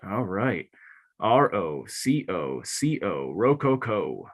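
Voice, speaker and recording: A man's voice: on the low side, very animated, slow. Chatty man spelling aloud. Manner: chatty, second-guessing, thinks aloud. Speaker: spelling bee contestant.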